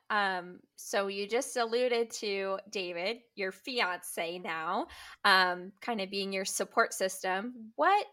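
A woman co-hosting a podcast, asking measured questions with a few hesitations. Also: mid-range voice, a bit bright. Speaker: podcast co-host. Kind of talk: casual interview questions.

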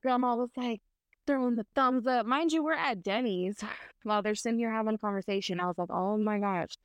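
Clear-voiced woman in her twenties, rambling. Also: fairly high pitch, steady tone, fairly quick, no room sound. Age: 20s. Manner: rambling storytelling with many fillers. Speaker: podcast co-host. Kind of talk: casual chat.

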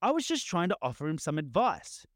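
A woman's voice: fairly low pitch, big pitch swings, fairly quick, no echo, studio quality. A man reading aloud the lines of a condescending middle-aged woman relative, in a slightly raised, read-aloud delivery. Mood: snide.

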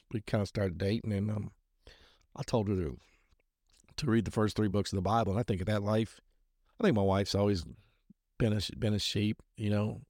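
A man's voice: fairly low pitch, darkish tone, dry recording, clean studio sound. A man hosting a podcast, reviewing a show in casual, rambling talk full of fillers and restarts, speaking earnestly about his faith. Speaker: podcast host.

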